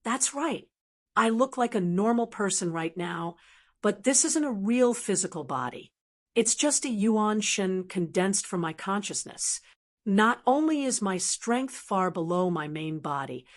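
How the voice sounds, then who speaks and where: A woman's voice: mid-range voice, expressive, a little slow, natural voice. A woman voicing a confident, brash young man who leads his group, read plainly in an audiobook. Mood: calm. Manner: brash, commanding. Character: confident young male cultivator, group leader. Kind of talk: audiobook character reading.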